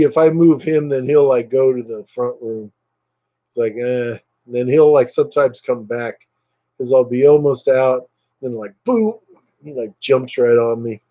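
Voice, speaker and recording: A man's voice: medium pitch, normal speed, dark tone, lo-fi sound. A man chatting casually on a live stream, rambling with lots of fillers and thanking viewers by name.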